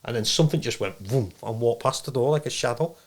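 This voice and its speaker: Male guest, rapid rambling storyteller, medium voice. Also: mid-range voice. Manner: rambling, animated storytelling with acted-out quotes. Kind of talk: casual storytelling interview.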